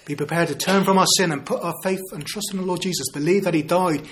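A man's voice: high voice, fast, a little hiss or hum. A man in his fifties preaching an evangelistic sermon, earnest and full of rhetorical tag questions like "don't we?". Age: 50s.

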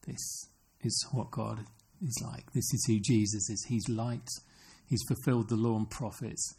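Gravelly-voiced man preaching a sermon. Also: fairly low pitch, steady tone, unhurried, warm tone. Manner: earnest, asks the congregation questions.

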